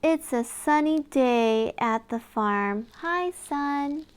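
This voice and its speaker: A woman with a high, light voice reads a children's picture book aloud. She takes her time, leaving room after each line. Her delivery is gentle and sing-song, full of small gasps and coaxing questions. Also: drawn-out words. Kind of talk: read-aloud for young children.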